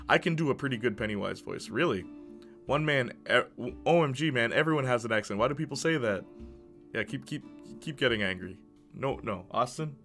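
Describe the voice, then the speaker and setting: A man's voice: medium pitch, pushed and bright. A man streaming live, chatting casually and reading his chat aloud with sarcastic, joking banter.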